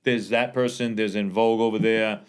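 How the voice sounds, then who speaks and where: A middle-aged man from the area, a podcast guest telling animated, profane stories and acting out the dialogue. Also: fairly low pitch, brisk, clear, resonant tone. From Boston area, USA. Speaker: podcast guest, former rapper. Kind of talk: casual podcast storytelling.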